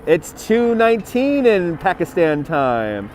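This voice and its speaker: Broadcasting from a phone on a gimbal beside a city river, this Brooklyn, New York man hosts a casual outdoor livestream, reading out viewers' messages and thanking donors. His voice is on the high side and expressive, a little mellow, at a normal speed, with slight background noise.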